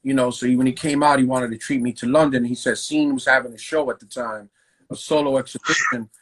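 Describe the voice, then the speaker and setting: A graffiti writer telling stories in a loose, profane, slang-heavy way during a casual interview. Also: male voice, medium pitch, fairly even intonation, fairly quick, fairly bright tone, slightly rough, poor audio. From New York.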